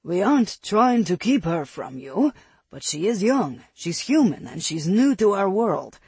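A narrator voicing a young male werewolf who reasons in a measured, deferential way. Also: mid-range voice, sing-song, darkish tone, slightly rough, no echo, pitched above the performer's own voice, full character voice. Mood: pleading.

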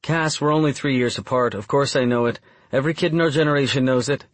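A man voicing an eager, playful young woman in an audiobook, with lively rising questions. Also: mid-range voice, fast, dry recording, voice pushed up, natural voice. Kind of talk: audiobook character voice.

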